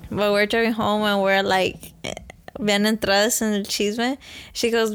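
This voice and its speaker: A woman's voice: mid-range voice, little pitch movement, a little fast. A young woman co-hosting a podcast, chatting casually and telling stories, slipping into Spanish now and then. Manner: chatty, storytelling, drops into Spanish. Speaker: podcast co-host. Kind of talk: casual chat.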